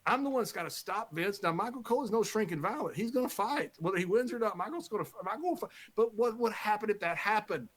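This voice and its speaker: Former color commentator, lively male storyteller who laughs his way through, slightly high voice. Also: quick pace, hardly any pauses. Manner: animated, laughs often while telling a story. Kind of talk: podcast storytelling.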